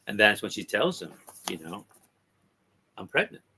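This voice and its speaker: A man on a talk podcast casually retelling a comic's story, halting with ums and restarts. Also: on the low side, expressive, pushed and bright, a little hiss or hum. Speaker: podcast co-host discussing comics.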